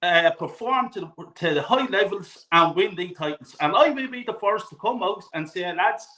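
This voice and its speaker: A man's voice: sits high, expressive, moderate pace, pushed and bright. Blunt, swearing man in an echoey room. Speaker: panel guest. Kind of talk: heated football panel chat.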